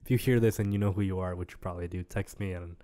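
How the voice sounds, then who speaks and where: A man's voice: deep voice, racing. A young man co-hosting a casual podcast, telling a story and acting out the other people's lines. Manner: animated storyteller acting out quotes. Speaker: podcast co-host. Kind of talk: casual chat.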